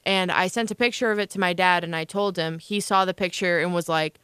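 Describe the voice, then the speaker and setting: A woman's voice: fairly low pitch, steady tone, fairly quick, fairly bright tone, clear, resonant tone, no room sound, studio quality. A young woman co-hosting a casual chat show, telling a long rambling story with lots of fillers. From Illinois, USA. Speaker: co-host.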